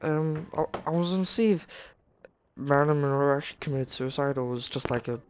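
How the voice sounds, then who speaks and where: A man's voice: fairly high pitch, brisk, a little mellow, a little hiss or hum. Stammering teen boy. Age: teens. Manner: hesitant, stammering, teasing. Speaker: podcast co-host. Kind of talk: casual chat.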